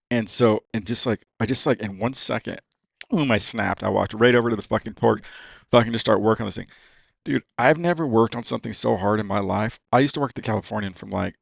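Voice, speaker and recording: A man's voice: fairly low pitch, vocal fry, no room sound. A man talking as a guest on a podcast, casual and profane, saying "dude" all the time. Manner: profane, says "dude" constantly. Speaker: racing driver guest. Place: podcast studio.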